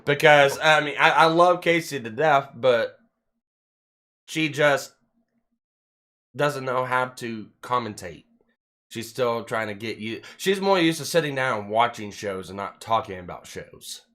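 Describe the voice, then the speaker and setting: A man's voice: medium pitch, unhurried. Swearing, rambling man telling a story. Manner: rambling, heavy swearing, animated retelling. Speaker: podcast host. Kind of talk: casual chat, storytelling.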